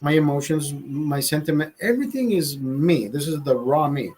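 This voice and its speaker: A man's voice: a little high, lively intonation, moderate pace, a little mellow, breathy edge. A man hosting a livestream, telling a story in a profane, emphatic way, often repeating himself and restarting sentences. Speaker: livestream host. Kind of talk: casual live storytelling rant.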